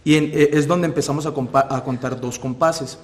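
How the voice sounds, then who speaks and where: A man explaining a passage to music students in a calm, methodical way. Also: on the high side, fast talker, slight background noise. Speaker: music instructor. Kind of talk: music lesson.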